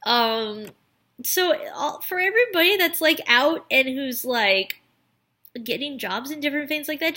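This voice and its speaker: A woman's voice: high voice, expressive, moderate pace, sharp tone. A young woman vlogging, telling a story in a chatty, rambling way full of filler words. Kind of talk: casual storytelling to camera.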